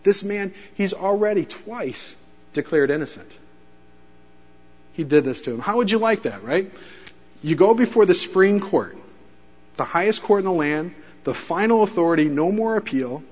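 A man preaching a sermon, his voice sitting a little high as he tells the story with animated energy. He acts out the quoted lines with rising intensity. The sound is a bit dull and carries a long reverb, as in a church hall. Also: normal speed, pauses often, husky.

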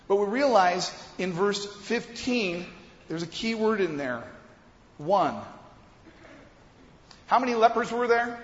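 A man preaching a sermon as a pastor, asking the congregation questions and building up to loud emphasis. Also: on the high side. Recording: echoey hall, dull lo-fi sound.

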